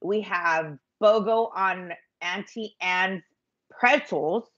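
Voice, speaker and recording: A woman's voice: mid-range voice, slow, a bit bright, lo-fi sound. A middle-aged woman rambling through a story on a live stream, chatty and self-mocking, with lots of fillers. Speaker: vlogger telling a story.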